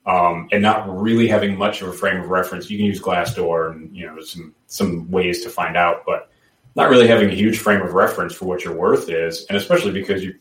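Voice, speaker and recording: A man talking casually as a podcast guest, rambling with lots of restarts and fillers. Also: deep voice. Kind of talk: casual chat. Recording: roomy, distant from the mic.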